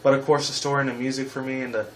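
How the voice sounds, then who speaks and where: A man's voice: mid-range voice, level tone, rapid-fire, a little hiss or hum, rough recording. Profane young man ranting about games. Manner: profane, rambling and heated; casual sign-off slang. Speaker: gaming video host. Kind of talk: casual ranting game review.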